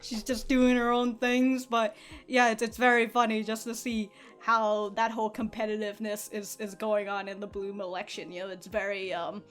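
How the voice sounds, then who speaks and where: A woman's voice: medium pitch, level tone, normal speed, a bit bright, faint music behind. A young woman hosting an anime reaction, chatting casually, laughing often, swearing freely and restarting her sentences.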